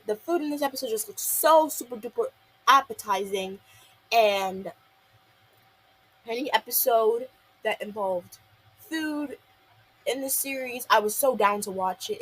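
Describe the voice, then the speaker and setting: Husky young woman rambling through a recap. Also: on the high side, low-quality recording. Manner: rambling recap full of "um" and "and then". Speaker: episode reviewer. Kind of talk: casual video review.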